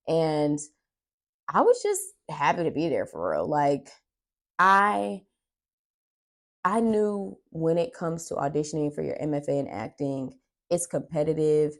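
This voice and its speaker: A young woman with a notably low voice talks candidly to her viewers. She speaks as the host of her own vlog, casual and chatty, and laughs easily between thoughts. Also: darkish tone. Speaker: vlogger and host. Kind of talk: casual chat.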